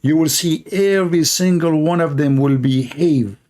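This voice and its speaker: A man's voice: on the high side, moderate pace, a little mellow. Emphatic man hammering short repeated phrases. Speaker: channel host. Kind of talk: impassioned monologue.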